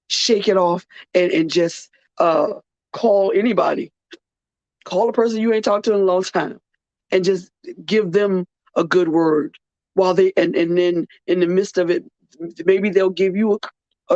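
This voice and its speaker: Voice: medium pitch, no room sound. A podcast host, tired and earnest, speaking in a personal heartfelt monologue and repeating phrases for weight. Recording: dull, muffled dry recording.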